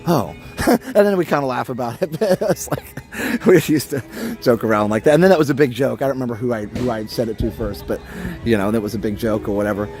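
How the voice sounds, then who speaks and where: A man's voice: mid-range voice, brisk, a little mellow, soft background music. A man hosting a casual live stream from a theme park at night, chatting and reading out viewer comments.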